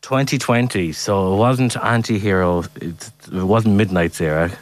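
A man hosting a casual radio song quiz, animated and self-mocking. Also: lowish voice, normal speed, no room sound. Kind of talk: casual chat.

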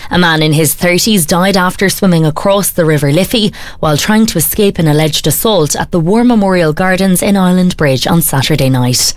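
An Irish woman reads a radio news bulletin in a measured, formal tone. Her voice is fairly low and sounds close and dry. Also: no room sound. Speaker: newsreader.

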